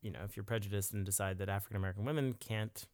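A man's voice: fairly low pitch, steady tone, racing, a little mellow, no room sound, studio quality. A man co-hosting a church podcast, chatting casually and thoughtfully, laughing now and then. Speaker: podcast co-host.

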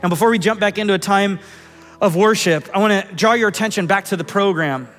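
A man's voice: sits high, brisk, a bit bright, soft background music. A man preaching a sermon, telling a family story in an earnest, conversational way and often repeating words. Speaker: pastor. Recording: long hall reverb.

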